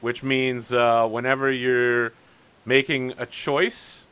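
A man's voice: medium pitch, little pitch movement, slow pace, a bit bright, clear, resonant tone. A man running a tabletop game as game master, chatting casually and animatedly and reading rules aloud on a voice call.

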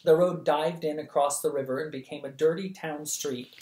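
A reader narrating a novel for bedtime at a steady, lively pace. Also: medium pitch, moderate pace. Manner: steady, lively, acts out the dialogue. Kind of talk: audiobook reading of a novel. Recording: echoey room.

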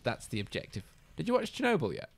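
A man talking through a horror game in a let's play, joking with his friend and laughing often. His pitch swings widely as he reacts, and the talk stays loose and casual. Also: huge pitch swings, fast, vocal fry. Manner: jokey, chatty, laughs often. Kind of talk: casual gaming banter.

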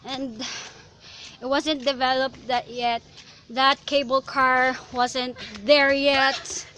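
Young filipino woman, high voice, unhurried excitable chatter, giggly, handheld camera outdoors, noisy background. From Philippines. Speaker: vlogger. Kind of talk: casual travel vlog. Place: outdoor resort, partly on a cable car.

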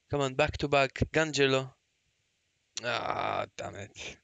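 A man, a gaming YouTuber reacting to game summons, shouting, laughing and cursing, then muttering low. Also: takes it slowly, creaky, no echo.

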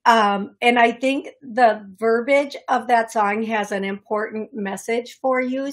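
A woman hosting a call-in radio show as a psychic medium, effusive and affectionate, calling her callers "love.". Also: on the high side.

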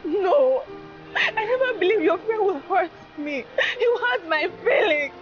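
A woman's voice: very high voice, lively intonation, unhurried, muffled recording, soft background music. A young woman with a Nigerian accent in a film drama, angry and tearful.

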